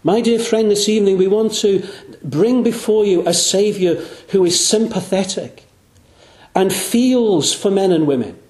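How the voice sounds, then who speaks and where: A man with a fairly high voice preaches an evangelistic sermon in a church. He is earnest and lets his voice sink low and slow on the phrases he wants to land. The room around him rings with echo. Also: darkish tone. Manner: earnest, slows and drops low on key phrases. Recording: echoey room.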